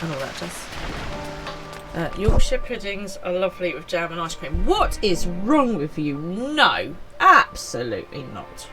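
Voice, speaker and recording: A woman's voice: fairly low pitch, big pitch swings, moderate pace. A woman with a British English accent streaming a game, chatting with her viewers and bantering indignantly, laughing often. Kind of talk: casual chat with live chat. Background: game music.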